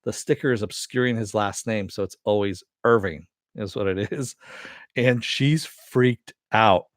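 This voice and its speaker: Male reviewer, lower register, dry booth sound; loose conversational recap full of fillers. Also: measured pace, no room sound. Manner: rambling, many "you know" and "uh" fillers. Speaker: TV episode reviewer. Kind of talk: casual episode recap.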